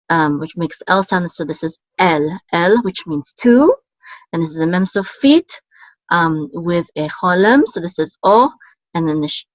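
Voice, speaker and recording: A woman teaching a Biblical Hebrew reading lesson, patiently explaining letters and vowels one by one with frequent pauses and fillers. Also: on the low side, no echo, rough recording.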